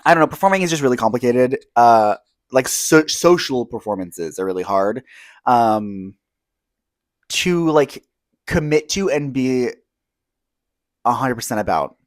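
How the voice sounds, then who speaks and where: A man in his twenties co-hosting a casual podcast, telling stories candidly with profanity and jumping into high squealing impressions. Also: unhurried, pauses often, dry recording. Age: 20s. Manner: animated storytelling, jumps into high squealing impressions of himself. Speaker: podcast co-host. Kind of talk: casual chat.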